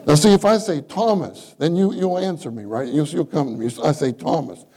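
At a church meeting, a male preacher gives a conversational sermon, frequently posing questions to the congregation. His voice is on the high side, a little mellow with a breathy edge, at a moderate pace. The recording is rough.

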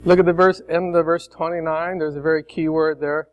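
A man's voice: a little high, little pitch movement, fairly quick, smooth, lo-fi sound. A male preacher from Chicago giving a sermon, leading the congregation in call-and-response with a coaxing, emphatic, joking manner. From Chicago, United States.

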